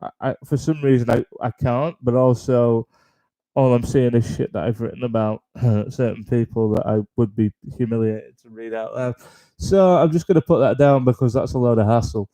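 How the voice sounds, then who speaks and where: A man's voice: medium pitch, steady tone, moderate pace, mellow, no echo, low-quality recording. A man hosting a casual comedy livestream, rambling, swearing and interrupting himself as he talks. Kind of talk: casual stand-up chat.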